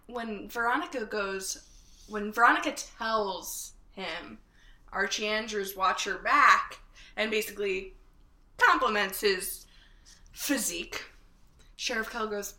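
A woman co-hosting a podcast in a casual chat, animated and quick to laugh. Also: mid-range voice. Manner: animated, laughing, acts out quotes. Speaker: podcast co-host. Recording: echoey room.

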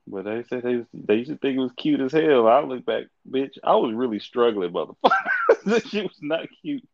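A man hosting a casual podcast, telling stories in a profane, animated way with frequent laughter. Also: mid-range voice, normal speed, gravelly, dull audio. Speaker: podcast host.

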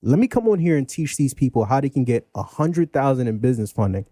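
A man hosting a podcast interview in casual, playful chat, animated and often repeating himself for emphasis. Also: medium pitch, fast, no room sound, studio quality, soft background music. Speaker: podcast host.

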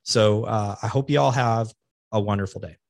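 A man's voice: lowish voice, moderate pace, vocal fry, noisy background. A man hosting a podcast, giving earnest motivational advice in a coaching manner and repeating key phrases for emphasis. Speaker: podcast host.

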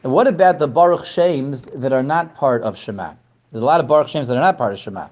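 A man giving a Torah lesson to a class, animated, asking questions and often repeating words. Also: mid-range voice, fast, lo-fi sound. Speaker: Torah teacher. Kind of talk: lecture to a class.

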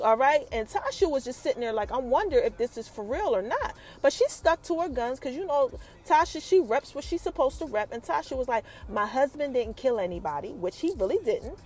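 Chatting straight to her audience, this podcast host recaps a TV episode, sprinkling in quick asides. She has a high-pitched voice with a darkish tone.

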